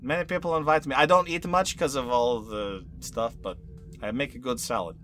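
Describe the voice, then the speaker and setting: A man voicing a gruff male weapons instructor who speaks clipped, broken English with a Russian accent. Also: medium pitch, steady tone, moderate pace, fairly bright tone, soft background music, natural voice. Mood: pleased.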